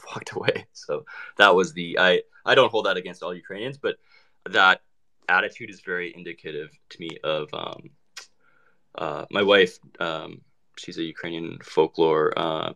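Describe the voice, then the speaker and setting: A man's voice: low-pitched, bright, forceful tone. A man talking casually in an online group chat, hesitant, with many fillers and restarts. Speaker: participant in an online audio chat.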